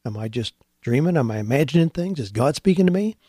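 A man voicing a wise older rabbi who speaks calmly and wryly. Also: mid-range voice, fast talker, dry recording, clean studio sound, lightly acted. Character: wise older male rabbi, calm and wry.

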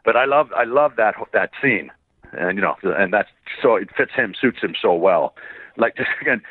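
An older man, a voice actor, talking in a rambling and laughing way in a casual interview, swearing freely and tiring his voice quickly. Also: lowish voice, animated, dry recording. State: gets hoarse quickly. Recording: tinny phone-line sound, dry.

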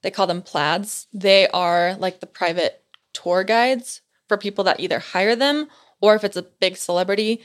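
A young woman chats on a podcast as a guest, giggling often as she tells her story. Her voice sits at a middle pitch for a woman, and she talks at an easy, casual pace. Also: normal speed. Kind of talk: casual chat.

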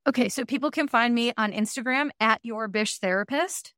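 A woman's voice: fairly high pitch, moderate pace, a bit bright, no room sound, clean studio sound. A woman guest therapist on a podcast, speaking in an earnest, emphatic and reassuring way. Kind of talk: podcast conversation.

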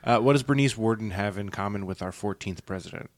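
A man's voice: lowish voice, fast talker, no room sound, clean studio sound. A man co-hosting a podcast, chatting casually and cracking puns. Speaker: podcast co-host. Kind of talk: casual chat.

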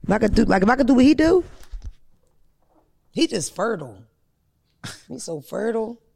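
Gravelly-voiced woman telling crude stories. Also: fairly high pitch, very animated, normal speed, warm tone. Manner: blunt, profane, storytelling. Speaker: comedian and podcast host. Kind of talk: casual podcast chat.

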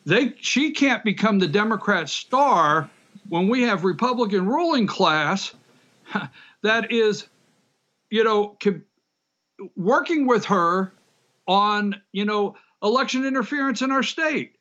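A man from Georgia talks as a guest on a political show, fervent and insistent, tripping over and repeating his words as he pushes his point. His voice sits a touch high for a man. The remote line is dull and lo-fi. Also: lively intonation, takes it slowly, pushed and bright. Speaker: guest, party official. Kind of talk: political talk show remarks.

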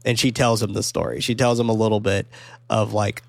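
A man co-hosting a casual film discussion, talking excitedly, swearing often and acting out lines from the movie. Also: on the low side, brisk, creaky, no room sound. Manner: animated, swears a lot, acts out quotes. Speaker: podcast co-host.

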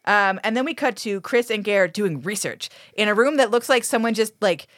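Profane, animated woman recapping a show. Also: medium pitch, normal speed, no echo, studio quality. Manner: profane, animated, acts out characters' lines. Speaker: podcast co-host. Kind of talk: casual podcast recap chat.

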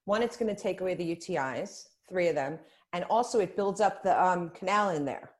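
A woman guest on a casual podcast chat who explains things in an emphatic, animated way. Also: fairly low pitch, a little fast. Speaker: guest, spa business founder.

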